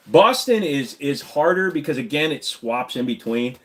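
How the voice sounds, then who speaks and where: American streamer dude, rambling and cussing, pitch bouncing all over. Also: male voice, animated, moderate pace, few pauses. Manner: rambling and profane. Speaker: live-stream host. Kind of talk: casual live-stream Q&A.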